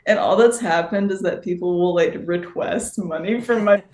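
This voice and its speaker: A man's voice: sits high, darkish tone. A man co-hosting a podcast, chatting casually in a hesitant way with many fillers. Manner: slow, hesitant, filler-heavy. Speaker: podcast co-host. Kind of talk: casual chat. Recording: echoey room with faint noise.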